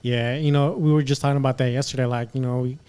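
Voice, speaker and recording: A man's voice: mid-range voice, steady tone, fast talker, dark tone, clean tone. Easygoing male podcast host. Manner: easygoing, many short backchannels. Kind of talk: casual podcast chat.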